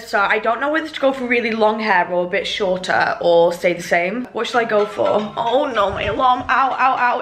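A woman's voice: mid-range voice, a bit bright, slight background noise. A 21-year-old woman vlogging casually to camera, chatty and self-mocking, laughing often. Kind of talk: casual vlog talk to camera.

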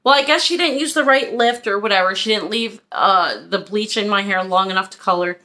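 A woman in her 50s from Philadelphia, USA, a haul vlogger, speaks in a mid-range voice that's a little fast, pushed, and bright. In a casual vlog she tells a long story, chatty and venting, rambling with asides and acting out what people said.

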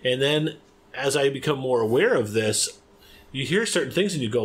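American guy co-hosting a chatty podcast, rambly and jokey, laughs a lot, plain middle pitch. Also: expressive. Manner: playful, rambling, quick to laugh. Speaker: podcast co-host. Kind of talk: casual podcast chat.

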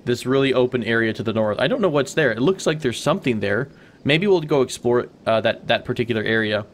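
A man's voice: mid-range voice, lively intonation, fairly quick, a little hiss or hum. Chatty man narrating his gameplay. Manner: chatty, rambling, thinking aloud with fillers and asides. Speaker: let's play host. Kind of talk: casual gameplay commentary.

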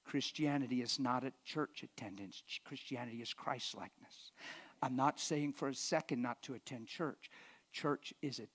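A man preaching a live sermon in a church, emphatic, often dropping to a hushed whisper. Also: mid-range voice, normal speed, slightly rough. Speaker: pastor.

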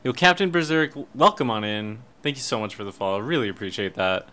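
A man's voice: mid-range voice, animated, fast talker, bright, forceful tone. A man streaming a horror game live, commentating and swearing, yelping when startled.

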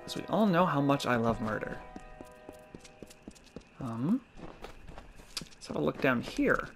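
Over game music and sounds, a let's play gamer gives chatty, joking commentary in a slow, sing-song, mid-range voice. He swears occasionally and laughs at his own deliberately corny puns.

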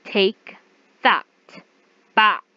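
A woman reads aloud as a possessive man who is a nation personified, soft-spoken and menacing. His voice comes across dry and a little muffled, with a dull low-fi sound. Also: extremely slow, dry recording. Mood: desperate.

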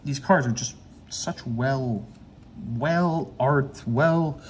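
A man's voice: medium pitch, drawn-out words, slight background noise. A man hosting a casual card-opening chat with a friend, joking and teasing while calling out the cards. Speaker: channel host.

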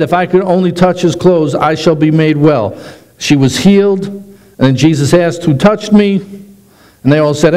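A middle-aged man, a pastor, preaching a sermon with animated delivery that slows down for emphasis. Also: a little high, low-quality recording.

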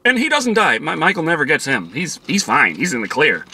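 A man's voice: on the high side, huge pitch swings, brisk, pushed and bright, breathy edge. A man giving a casual, profane movie review, exasperated and acting out quotes from the film.

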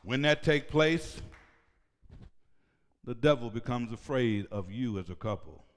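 A male pastor preaching a sermon in a church, shouting at times and leading call-and-response with the congregation. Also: mid-range voice, animated, unhurried. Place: church sanctuary. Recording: reverberant church hall.

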